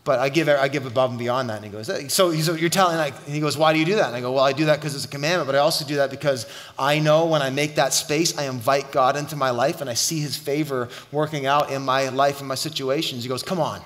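Middle-aged male pastor, lively storyteller, bright edge, long church reverb. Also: mid-range voice, fast talker. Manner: animated storytelling, shouting at the climax. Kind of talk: sermon. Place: church hall.

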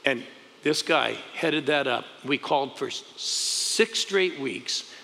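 A male pastor telling stories in an exclamatory, emphatic way, with loud outbursts to the crowd. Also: mid-range voice, expressive, slow, creaky. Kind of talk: animated storytelling testimony. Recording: long hall reverb.

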